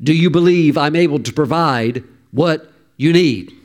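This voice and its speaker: A preacher voicing Jesus asking questions. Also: male voice, fairly high pitch, measured pace, close to an everyday voice. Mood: urgent. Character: Jesus, a gentle questioning male teacher.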